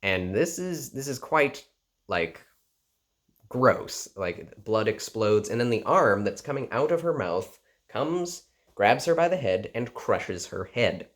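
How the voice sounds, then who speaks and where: A man casually recapping an anime episode in an animated way, full of "like" and "you know". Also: mid-range voice, slow pace. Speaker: anime reviewer.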